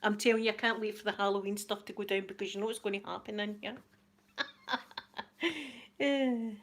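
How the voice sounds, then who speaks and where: A woman's voice: mid-range voice, steady tone, a little fast. A middle-aged Scottish woman hosting a casual live-stream chat, greeting viewers by name and laughing often. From Scotland. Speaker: YouTube channel host.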